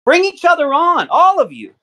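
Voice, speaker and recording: A man's voice: very high voice, wildly swooping pitch, normal speed, sharp tone. A man in his thirties calling in to a livestream, arguing in a mocking, profane, combative way. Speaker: guest caller. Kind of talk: heated argument on livestream.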